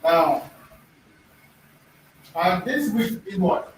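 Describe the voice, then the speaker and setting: Unhurried man teaching in an echoey classroom. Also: high-pitched, lively intonation. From Nigeria. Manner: repeats words and quizzes the class. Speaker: language teacher. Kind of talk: classroom pronunciation lesson. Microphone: far room mic. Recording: echoey room, distant mic, faint noise.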